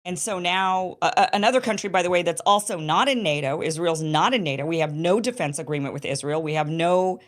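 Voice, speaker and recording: Impassioned woman host, low-pitched. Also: fairly quick, hardly any pauses. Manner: impassioned, emphatic, indignant. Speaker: show host. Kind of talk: political commentary monologue.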